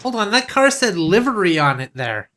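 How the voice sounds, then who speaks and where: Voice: medium pitch, very animated, moderate pace, a bit bright. Curious co-host asking questions. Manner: curious, asks questions, laughs along. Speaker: comedy podcast co-host. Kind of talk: casual riffing on a film.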